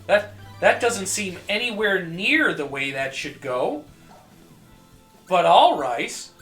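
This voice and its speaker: A man streaming a video game, rambling and joking with profanity, often coughing and clearing his throat. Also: high voice, lively intonation, slow pace, a bit bright, echoey room, soft background music. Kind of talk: casual gameplay commentary.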